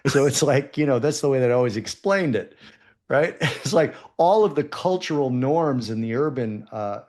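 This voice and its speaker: A man, the son of immigrants, guesting on a podcast, telling stories in an animated, jokey way. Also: mid-range voice, normal speed. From United States. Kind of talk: casual podcast conversation.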